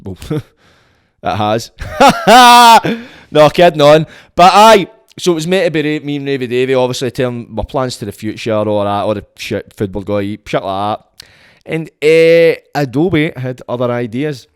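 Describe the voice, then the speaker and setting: A Scottish man rambles through a comic solo podcast monologue, swearing freely. He veers between loud, excitable bursts and low muttered asides in an ordinary mid-range voice. The sound is close and dry, with no room echo. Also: normal speed, clear, resonant tone. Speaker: podcast host.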